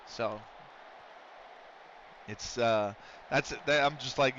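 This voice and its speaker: A man's voice: mid-range voice, takes it slowly, pauses often, bright, forceful tone. A young man from Pennsylvania, rambling and swearing through a casual gaming stream. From Pennsylvania, USA. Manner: rambling, profane, ranting. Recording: dull lo-fi stream audio with faint noise.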